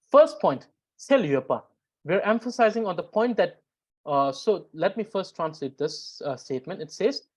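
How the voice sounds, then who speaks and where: A woman's voice: fairly low pitch, a little mellow, breathy edge. A woman teaching a grammar lesson, explaining step by step with frequent fillers and repetition. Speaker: language teacher.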